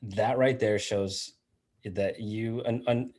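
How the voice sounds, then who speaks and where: A man's voice: on the low side, steady tone, slow, a little mellow. A man co-hosting a podcast, speaking emphatically to the listeners. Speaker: podcast co-host. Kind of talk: interview commentary.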